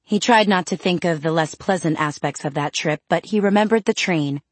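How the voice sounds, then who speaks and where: An audiobook narrator with a low-leaning voice reads scripted fantasy fiction in a steady, measured way, without any echo.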